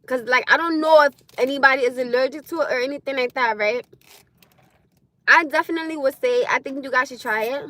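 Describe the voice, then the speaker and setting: A woman chatting casually on a livestream, loud and laughing often as she answers comments. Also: high-pitched, a little fast, no room sound. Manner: loud, laughing, talks back to chat. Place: in her car.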